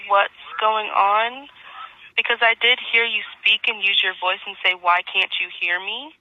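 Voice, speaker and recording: A woman speaks as a call agent over a phone line that sounds dull and very dry. Her tone is bright, and she patiently repeats the same polite points again and again. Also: medium pitch, fairly even intonation, a little slow, dry recording. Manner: patient, repetitive, polite insistence. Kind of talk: scripted customer-service phone talk.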